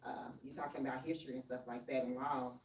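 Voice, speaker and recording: Super low voiced woman on a panel, chatty and encouraging, talks fast, mic far off. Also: level tone, a little mellow, a little hiss or hum. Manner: encouraging, rambling. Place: workshop room. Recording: roomy hall from far off.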